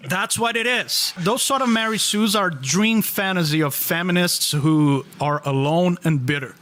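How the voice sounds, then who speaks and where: A man in his thirties speaks in a casual podcast chat with a bright, slightly high voice. He talks in an emphatic, opinionated way and often breaks off and restarts his sentences. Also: moderate pace, slight background noise. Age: 30s.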